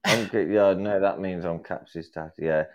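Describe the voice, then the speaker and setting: A British man trades crude jokes on a podcast, talking at an easy, unhurried pace. He keeps breaking into goofy put-on voices between laughs. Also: low-pitched, fairly even intonation, highs cut off, a crowd in the background. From Britain. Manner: jokey, keeps slipping into silly put-on accents. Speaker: podcast co-host. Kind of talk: casual podcast banter.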